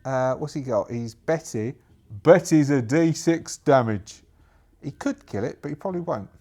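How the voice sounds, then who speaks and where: Man, solo game master, chatty, rambling, lively pitch. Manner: chatty, rambling, laughs to himself. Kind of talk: solo tabletop game narration.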